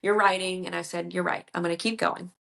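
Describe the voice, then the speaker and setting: A woman's voice: lowish voice, brisk, vocal fry. Chatty author woman, gets emotional. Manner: chatty, emotional, quotes others in animated voices. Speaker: author guest. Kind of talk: casual interview chat.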